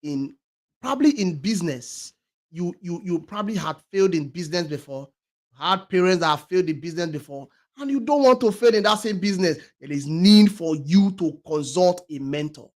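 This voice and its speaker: Emphatic high-voiced man giving motivational talk. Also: animated, brisk. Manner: emphatic, repeats key phrases, many restarts; swings between loud stresses and quiet trailing words. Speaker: talk show host.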